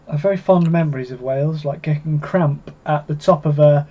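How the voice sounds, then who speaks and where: A man co-hosting a casual live stream, laid-back and quick with banter, laughing often. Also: a little high, phone-quality sound. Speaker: co-host.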